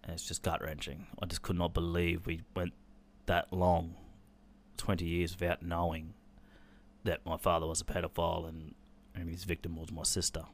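A man, telling a painful personal story on a podcast in a halting, sombre way, with swearing. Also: sits low, completely flat delivery. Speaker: podcast host.

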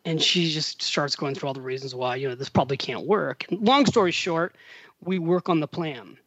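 Lively middle-aged man telling a story. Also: on the high side, moderate pace, dry recording. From United States. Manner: animated storyteller, acts out quoted dialogue. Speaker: podcast guest. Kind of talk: storytelling in casual conversation. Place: home in Italy.

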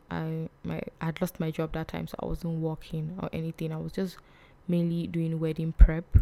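A young woman, telling a personal story on her vlog in a soft, hesitant way that often drops to a whisper. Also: sits low. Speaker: vlog host.

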